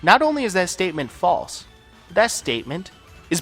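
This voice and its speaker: A man with a high, very animated voice rants through a personal story while playing a video game. His talk is casual, full of fillers and swearing, and his tone is bright and sharp. Faint music plays underneath. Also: moderate pace. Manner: profane, ranting, lots of filler words. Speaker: gaming channel host. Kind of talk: casual storytelling over gameplay.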